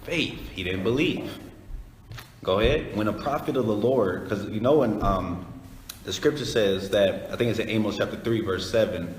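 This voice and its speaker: A man casually teaching a Bible study, explaining scripture in a conversational, animated way. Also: on the low side, moderate pace. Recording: echoey hall, faint noise.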